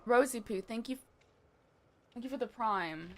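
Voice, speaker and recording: Chatty young woman streamer, higher voice. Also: measured pace, fairly bright tone, slight background noise. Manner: chatty, swears casually, reads chat aloud. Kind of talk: casual live-stream chat.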